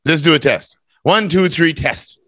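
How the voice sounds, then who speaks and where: A man's voice: fairly high pitch, measured pace, pushed and bright, no echo, clean studio sound. A man teaching English, running a speaking test over a video call with a playful, teasing manner.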